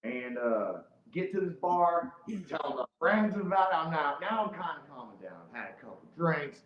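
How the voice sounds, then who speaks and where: A man's voice: on the high side, very animated, normal speed. A man telling a heated, profane story as a guest in casual podcast chat. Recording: roomy, slightly dull podcast audio.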